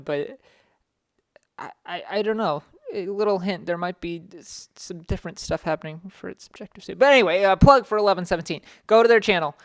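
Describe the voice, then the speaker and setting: A man's voice: high voice, clear, resonant tone, no room sound, studio quality. A young man hosting a podcast in casual chat, rambling with frequent restarts and self-interruptions. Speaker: podcast host.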